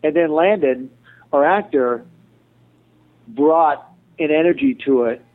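A man's voice: on the high side, takes it slowly. Man chatting over a tinny phone line. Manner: chatty, digressive, joking. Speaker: TV director being interviewed. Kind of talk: interview answers.

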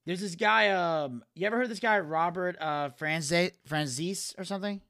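Here the podcast co-host sounds high, pushed and bright, talking at a moderate pace. In loose conversation he rambles through stories with plenty of fillers and lapses into cartoon impressions.

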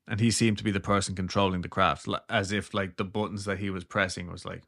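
Retelling a story on the podcast he co-hosts, a man keeps it casual and jokey, his words trailing into laughs. His low, gravelly voice is fairly bright, with a level tone and a quick pace.

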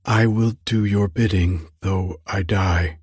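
A man's voice: sits low, fairly even intonation, slow, a little mellow, slightly rough, dry recording, studio quality, exaggerated voice. A man voicing a troubled, desperate young lady who speaks earnestly in formal, archaic words.

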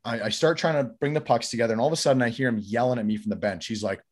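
A man telling a long story in casual podcast chat, getting loud and sweary as he relives his anger. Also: mid-range voice, very fast. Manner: animated, swears freely, gets louder recounting anger.

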